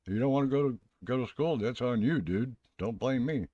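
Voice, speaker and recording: A man's voice: mid-range voice, moderate pace, warm tone, no room sound, muffled recording. A man hosting a live stream, talking in a rambling, folksy, chatty way. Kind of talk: casual live stream chat.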